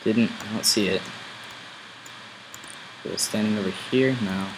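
Low-pitched guy chatting through his game, talking to himself, clear hum of noise behind him. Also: a little slow. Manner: chatty, thinks aloud while playing. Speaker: gameplay video host. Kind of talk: casual gameplay commentary.

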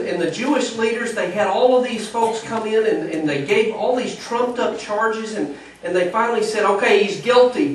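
A man preaching a storytelling sermon in church, animated, acting out the voices of the people in the story. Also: high-pitched, far from the mic, slight background noise. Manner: animated, acts out quoted voices. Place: church sanctuary. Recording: echoey church recording from afar.

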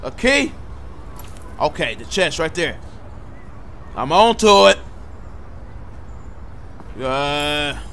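A man giving loud, profane, joking commentary on a game as he plays, talking back to the characters. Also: fairly high pitch, sing-song, very slow, long pauses. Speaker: gamer. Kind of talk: comedic gameplay commentary.

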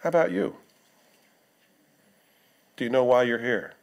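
A man's voice: mid-range voice, big pitch swings, a little slow. A male pastor preaching a sermon in a conversational way, reading scripture aloud and putting questions to the congregation.

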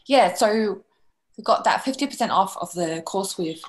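A woman's voice: medium pitch, expressive, normal speed, low-quality recording. An Australian woman hosting a live online workshop, effusive and rambling, full of filler phrases, speaking over a video call. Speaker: workshop host.

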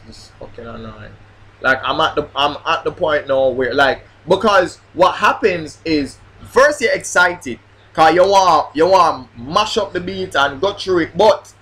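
In a casual vlog, a grime MC rants about flubbing his bars while rehearsing them, swearing and repeating himself. His voice is on the high side and a little bright.

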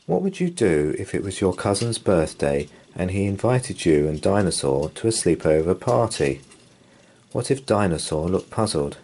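Storyteller: low-voiced man, animated bedtime read-aloud, gentle and expressive. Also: moderate pace, husky.

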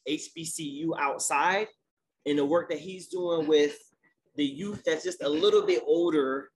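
Man, podcast host, upbeat, playful, slightly higher voice. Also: a little slow, slight background noise. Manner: energetic, playful hype when introducing guests. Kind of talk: casual live podcast conversation.

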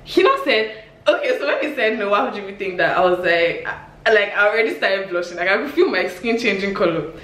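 A woman in her twenties with a Nigerian accent, telling embarrassing stories on her vlog in an animated, exclamatory way, laughing often. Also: mid-range voice, brisk. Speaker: vlogger. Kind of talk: storytime vlog. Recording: echoey room with faint hiss.

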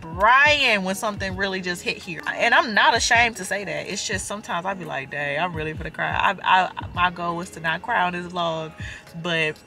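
Young woman, vlogger, mom of four, casual car chat, animated, emphatic, bright clear tone, phone mic, soft music underneath. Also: fairly low pitch, normal speed. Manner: animated and emphatic, addresses viewers as y'all. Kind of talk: casual chatty vlog talk.

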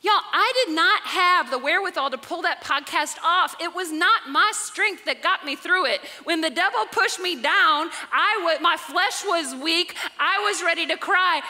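A woman pastor, preaching a lively sermon that swings from soft talk to shouts, often laughing. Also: very high voice, moderate pace, few pauses. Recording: live church hall reverb with music.

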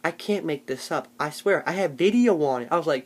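A man's voice: on the high side, animated, a little fast, husky. Young guy rambling thru a funny story on his vlog, jokey and all over the place, keeps doing little mock voices. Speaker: vlogger.

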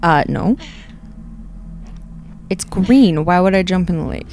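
Profane, lively young woman gamer. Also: on the low side, slow. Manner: profane, exasperated, joking. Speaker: let's play gamer. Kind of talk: casual gameplay banter.

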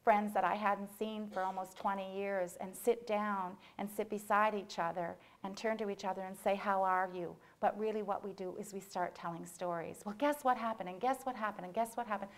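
A middle-aged woman from the delivers a lecture as a lively storyteller clear throughout. Her mid-range voice carries a gravelly fry as she slips into quoted voices and asides. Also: medium pitch, normal speed, hardly any pauses. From Canada. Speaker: author giving a memorial lecture.

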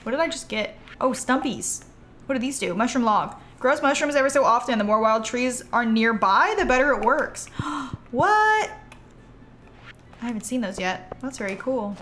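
A woman's voice: on the high side, brisk, a bit bright, a little hiss or hum. A young woman game streamer chatting casually and playfully to her chat while she plays, reacting aloud to what she finds.

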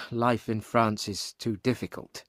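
A polite, earnest young French teacher from an audiobook, voiced by a man. He pleads with careful courtesy in a slow, unhurried way. The sound is dry and close. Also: on the low side, level tone, fairly bright tone, no echo.

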